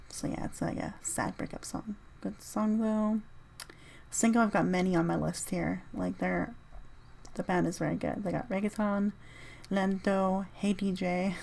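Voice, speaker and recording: Podcast host, woman, easygoing solo ramble through a playlist, mid-pitched voice. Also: vocal fry, darkish tone, slight background noise. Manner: rambling, reads out a music list, spells out names.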